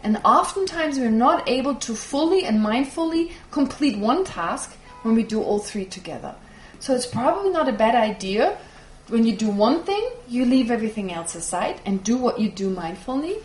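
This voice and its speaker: A woman whose first language is German, teaching a Buddhist class and answering questions in a lively, explanatory way. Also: a little high, normal speed. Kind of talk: teaching with audience Q&A. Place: teaching hall with audience. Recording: echoey room, faint noise.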